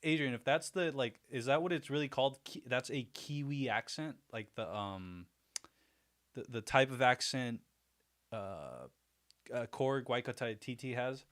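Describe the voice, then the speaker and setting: A man hosts a casual livestream, chatty and self-deprecating, laughing often as he talks to viewers. His mid-range voice is a bit bright, with lively intonation and a measured pace.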